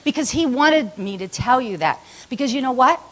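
A woman pastor preaching a sermon, telling a personal story in a chatty, animated way and acting out the other people's lines. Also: high voice, moderate pace. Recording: live church recording with steady background noise.

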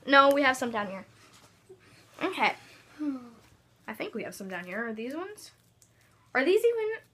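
A woman's voice: high-pitched, sing-song, normal speed, sharp tone, breathy edge. A woman making a casual, goofy home video, giggly and bossy with her sibling. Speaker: vlogger. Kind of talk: casual chat.

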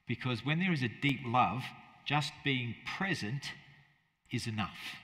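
A man's voice: mid-range voice, measured pace, bright, forceful tone, long reverb tail. A man preaching a conversational sermon as pastor, often asking his listeners rhetorical questions.

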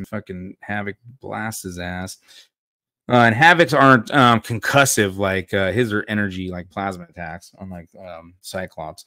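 A man chatting casually about a comic between read-aloud panels. His voice is low and the sound is dry and close, with loose talk full of fillers and the odd swear word. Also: normal speed, sharp tone, no echo. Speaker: comic book reviewer. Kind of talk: casual comic reading and commentary.

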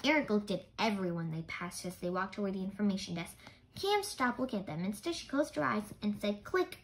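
A woman reading a children's chapter book aloud in an expressive storytelling manner. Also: mid-range voice, brisk, poor audio. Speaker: storybook reader.

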